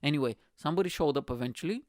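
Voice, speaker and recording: A man's voice: a little high, animated, very fast, no room sound, studio quality. A man in his thirties from the Balkans, hosting a podcast and telling a comic story with a playful, profane, self-mocking manner. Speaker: podcast host. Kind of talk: comedic storytelling monologue.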